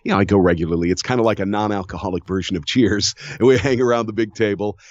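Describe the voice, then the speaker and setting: A voiceover artist in his fifties from Cleveland, Ohio, chats as an interview guest, telling stories animatedly and laughing often. His voice is on the low side and fast, recorded with no echo and lo-fi sound.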